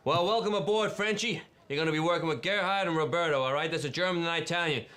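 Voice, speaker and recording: Man doing an foreman, brusque, quick questions, slightly high voice, faint background noise. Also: bright, forceful tone. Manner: brusque, rapid-fire questioning. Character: gruff Irish foreman hiring a newcomer. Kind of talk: comedy sketch.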